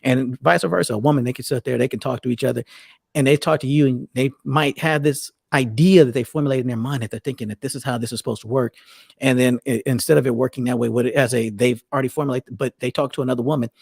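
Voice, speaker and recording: A man's voice: medium pitch, fairly even intonation, fast talker, vocal fry, darkish tone, husky, no echo, clean studio sound. A middle-aged man talking casually as a podcast co-host, rambling and restarting his sentences often. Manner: rambling, many restarts and self-corrections. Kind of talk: casual conversational talk.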